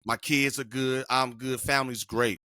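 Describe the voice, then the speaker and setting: A man's voice: mid-range voice, level tone, normal speed, sharp tone, dry recording, studio quality. A middle-aged man co-hosting a podcast, telling a personal story in an emphatic, slangy way. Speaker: podcast co-host. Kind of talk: casual podcast conversation.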